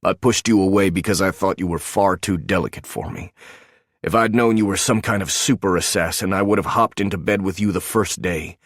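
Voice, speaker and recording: Male narrator as a hurt agent and team leader, low-voiced, accusing, dry close audiobook sound. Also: fairly quick, dry recording. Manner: bitter, accusing, restrained.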